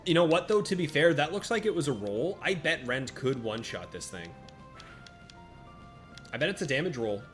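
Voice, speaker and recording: A man giving casual live-stream commentary while playing a monster-battle game, chatting with viewers by name and reacting out loud to each turn. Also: on the high side, very animated, moderate pace, long pauses. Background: faint game music.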